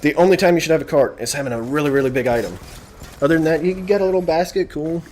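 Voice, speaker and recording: A man's voice: fairly high pitch, racing, a little mellow, slight background noise. A young man vlogging a casual, sarcastic, rambling rant about an annoying shopper. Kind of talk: casual ranting vlog.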